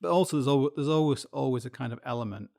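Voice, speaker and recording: A man's voice: mid-range voice, fast talker, vocal fry, a little mellow. A middle-aged man with a Yorkshire accent hosting a podcast, musing in a meandering, self-deprecating solo monologue full of restarts and asides. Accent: Yorkshire English. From Yorkshire, England. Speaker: podcast host.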